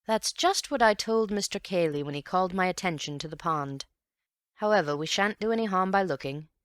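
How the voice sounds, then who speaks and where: A confident police inspector speaks briskly and heartily, as a woman reader puts him on. His lines come a shade louder than the narration. The room is dry and close. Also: lowish voice, lively intonation, no echo, voice pushed up, natural voice.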